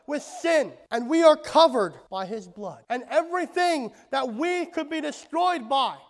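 Male pastor, sermon delivery, gravelly fry, high voice, swings soft to loud, echoing sanctuary. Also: expressive, a little slow. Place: church sanctuary.

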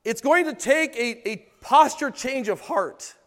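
A man preaching in a very high voice, full of passion and rhetorical questions to his congregation. He swings from loud pleading to quiet, intimate asides. The sound rings with the long reverb of a church hall. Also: lively intonation, a little slow. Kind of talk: sermon.

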